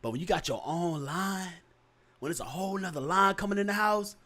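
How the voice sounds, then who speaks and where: A man talking in a relaxed podcast chat, telling stories and swinging between an excited high voice and a deep, low one. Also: fairly quick. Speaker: podcast co-host. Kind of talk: casual chat.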